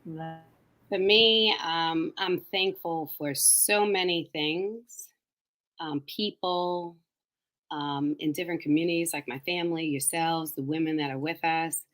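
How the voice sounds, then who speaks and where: Woman panelist, low and unhurried, thoughtful, hesitant. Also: fairly even intonation, a bit bright. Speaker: panelist on a women's talk show. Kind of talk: heartfelt casual chat.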